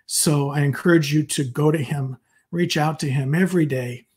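Husky-voiced man giving an earnest devotional talk. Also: a little high, fairly even intonation, normal speed, darkish tone. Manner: earnest and enthusiastic, casual asides. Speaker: psychologist giving a fireside talk. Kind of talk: devotional fireside talk with testimony.

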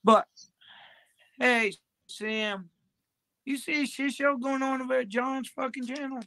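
A woman's voice: a little high, sharp tone, slight background noise. A woman livestreaming, talking in a crude, profane, drawling ramble.

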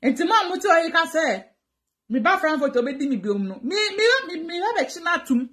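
High-voiced Ghanaian woman, dramatic. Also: a little fast. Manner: animated, dramatic, code-switching between Twi and English. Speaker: livestreamer answering viewer comments. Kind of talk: live-stream chat.

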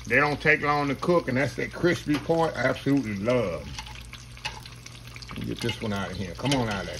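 A man hosting a casual home cooking video, folksy and chatty, talking to viewers as "y'all" and dropping to a low murmur while he tastes. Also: background noise. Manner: folksy, keeps saying "y'all". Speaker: cooking channel host.

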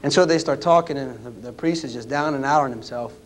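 Brief: man, historian, folksy storytelling lecture, middle pitch. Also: fast talker, slight background noise. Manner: folksy, anecdotal, with many "uh" restarts. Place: lecture room at a history roundtable.

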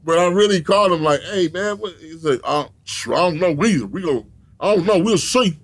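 A man with a fairly high speaking voice tells a long, profane story as an interview guest. He talks in an animated way, laughing often and acting out the people in his tale. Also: a little fast.

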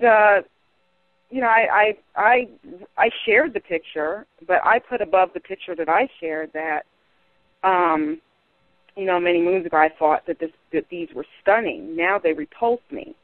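A woman's voice: on the low side, no room sound. A woman from North Carolina calling in to a radio show, talking in a chatty, rambling way. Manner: chatty, rambling, with giggling asides. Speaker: caller. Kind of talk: call-in radio conversation. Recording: tinny phone line.

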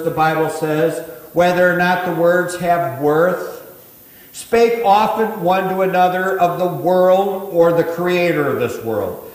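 A middle-aged man, a pastor preaching a sermon, rising to emphatic preaching with quick asides. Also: sits high. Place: church sanctuary. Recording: echoey hall.

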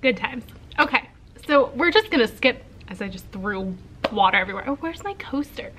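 A woman's voice: a little high, expressive, moderate pace, noisy background. A young woman teacher chatting casually to camera for her vlog, upbeat and self-mocking, her nose sore and stuffy after surgery. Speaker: teacher and vlogger.

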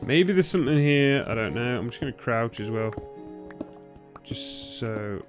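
A young man giving nervous, excitable commentary on a game he is playing, often bursting into shouts. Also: mid-range voice, a little slow, music in the background. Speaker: gaming YouTuber. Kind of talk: Let's Play commentary.

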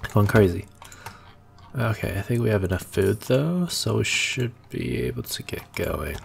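Low, gravelly man chatting over gameplay. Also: very animated, normal speed, a little hiss or hum. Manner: rambling, laughs often, thinks aloud. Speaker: gaming YouTuber. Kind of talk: casual gameplay commentary.

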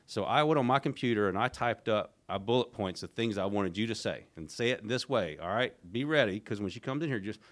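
A man's voice: lowish voice, lively intonation, brisk, hardly any pauses. A middle-aged man as a podcast guest, telling a long story in a rambling way, with frequent restarts and acted-out quotes. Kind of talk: casual storytelling interview.

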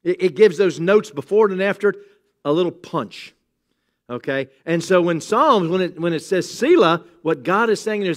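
A middle-aged pastor preaches in a church sanctuary, his slightly high voice ranging widely in pitch. Brisk and expressive, he keeps things casual and chatty, joking with the congregation, chuckling, and tossing in asides.

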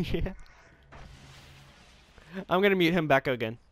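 A young man giving casual, excitable gaming commentary, pleading and yelping in bursts. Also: a little high, measured pace. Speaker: gamer.

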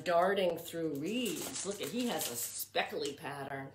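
A woman's voice: low-pitched, takes it slowly, few pauses, roomy sound, slight background noise. A woman librarian reading a picture book aloud to young children, chanting patterns in a sing-song and asking them questions.

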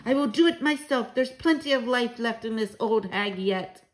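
Playing a fierce old grandmother who hunts witches, a woman reads with fervor, her lines emphatic and commanding. Her fairly high voice is expressive and pushed up, at a moderate pace, with a lightly acted quality.

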